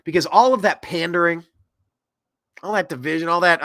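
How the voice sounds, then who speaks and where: A man hosting a political commentary show, ranting in an animated way that swings between loud and soft. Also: fairly high pitch, moderate pace, no echo, studio quality. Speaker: host.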